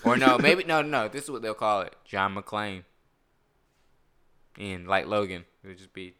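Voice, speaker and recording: A man in casual chat, rambling and laughing as he pitches ideas, often slipping into mock voices. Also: fairly even intonation, measured pace, a loud crowd.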